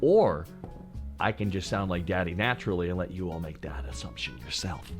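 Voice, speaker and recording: A man in his thirties with a naturally deep voice, chatting casually and teasingly with his stream audience, close to the mic. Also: lively intonation, moderate pace, soft background music. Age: 30s. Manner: joking, teasing, talks straight to chat. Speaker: VTuber streamer. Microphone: close to the microphone.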